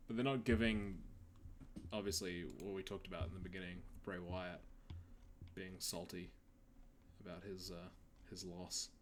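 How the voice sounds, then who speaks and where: A man's voice: low-pitched, little pitch movement, moderate pace, a little hiss or hum. A young man co-hosting a podcast in casual chat, laid-back, laughing often and trailing off mid-sentence. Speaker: podcast co-host.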